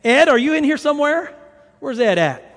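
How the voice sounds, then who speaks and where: A man preaching a conversational sermon, an animated storyteller who makes chatty asides to the congregation. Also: extremely high pitch, moderate pace. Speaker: pastor. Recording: long hall reverb.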